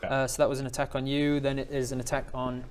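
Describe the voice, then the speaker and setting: A man running a tabletop game as game master, narrating the fights in a halting, chuckling way full of fillers. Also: medium pitch, level tone, very noisy.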